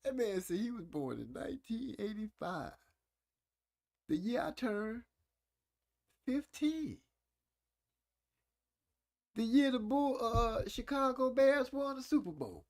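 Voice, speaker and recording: A man, chatting casually on a live stream. His voice sits high and swings widely in pitch. He teases his viewers in a playful way and reads their comments aloud. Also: big pitch swings, unhurried, long pauses. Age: 40s.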